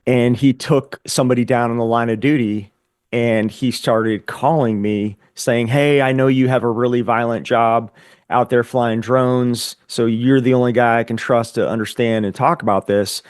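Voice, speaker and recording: This Air Force veteran, a guest on a podcast, recounts his own story thoughtfully and sincerely, repeating words now and then as he collects his thoughts. His mid-range voice has fairly even intonation, normal speed and a clear, resonant tone, in a dry, clean studio recording.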